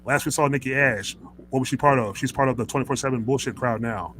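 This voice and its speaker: A man's voice: medium pitch, fast, fairly bright tone, a little hiss or hum, low-quality recording. A man hosting a casual wrestling talk show, ranting in a heated, rambling way, with many stammers and restarts. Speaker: host.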